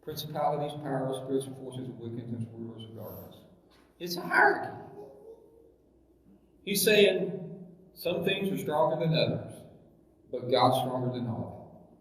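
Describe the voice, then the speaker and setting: A man's voice: medium pitch, moderate pace. A man preaching a sermon as pastor, emphatic, full of rhetorical questions and scripture references, recorded from far off in an echoey hall.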